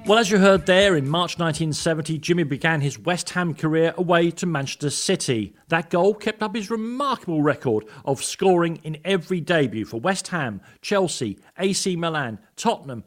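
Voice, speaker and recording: A male radio host reads a scripted tribute, voice sitting a little high with a lively, rising and falling pitch. He tells his stories in an earnest, personal way. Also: moderate pace, few pauses, faint music behind. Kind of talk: scripted narration.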